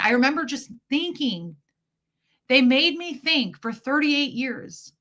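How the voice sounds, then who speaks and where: Mujer de voz brillante contando su historia. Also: female voice, high voice, very animated, slow, sharp tone. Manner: candid, emotional storytelling with swearing. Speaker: livestream host. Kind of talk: casual chat with viewers.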